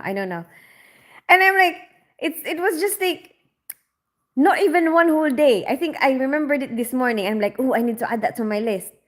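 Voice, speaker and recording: A woman, hosting a casual livestream and reading viewers' comments aloud, chatty and rambling with frequent laughs. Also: on the high side. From Philippines. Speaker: livestream host.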